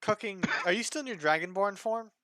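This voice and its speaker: A man narrating a tabletop game as its game master, his voice bright and forceful. He tells the scene in a relaxed, halting way, full of small fillers. The sound is dry and close. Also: sits high, no echo.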